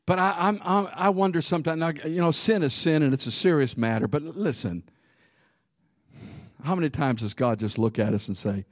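A man's voice: on the high side, brisk, dry recording, studio quality. A man preaching a sermon, telling funny stories with frequent laughs and calling out to the congregation. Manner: animated, laughs often, calls out to the congregation. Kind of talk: sermon with humorous storytelling.

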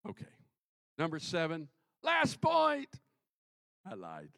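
A middle-aged male pastor preaching a sermon, swinging from loud exclamations to quiet asides. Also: on the high side, wildly swooping pitch, slow pace, vocal fry, no room sound.

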